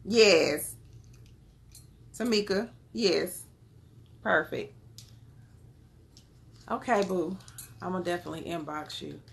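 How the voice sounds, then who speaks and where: A woman's voice: fairly low pitch, slow pace, creaky, pauses often. A woman with a Southern US accent, chatting casually with viewers on a live stream while reading tarot cards, calling them y'all and beloved. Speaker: tarot card reader.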